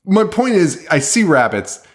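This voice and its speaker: A man's voice: sits high, very animated, measured pace. A man co-hosting a podcast, chatting casually and swearing a lot as he recaps a movie's plot with acted-out quotes. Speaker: podcast co-host.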